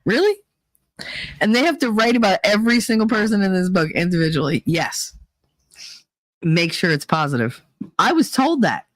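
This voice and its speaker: Speaking at normal speed in a medium-pitched, expressive voice, a woman hosts a laid-back talk show on a dry recording. She rambles through stories and opinions, restarting again and again, heated, blunt and profane.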